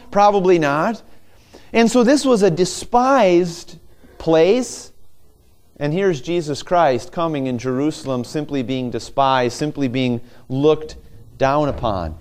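A man's voice: a little high, lively intonation, moderate pace, darkish tone. A man preaching a sermon, asking rhetorical questions and acting out quoted voices. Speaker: pastor.

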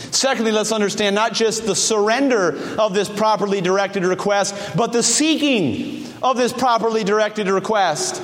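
A man preaching a sermon, animated, acting out the voices of people he quotes. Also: sits high. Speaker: pastor. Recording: church hall reverb.

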